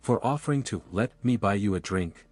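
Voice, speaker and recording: Brief: man reading a wary, flustered young woman, nervous comebacks, low and dry. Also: expressive, a little mellow, slightly rough, no room sound, faint music behind. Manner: nervous, quick retorts, trying to brush off.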